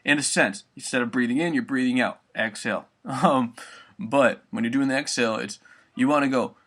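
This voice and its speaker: A man's voice: mid-range voice, brisk, fairly bright tone. A young man giving a casual spoken vocal tutorial, rambling loosely and swearing often.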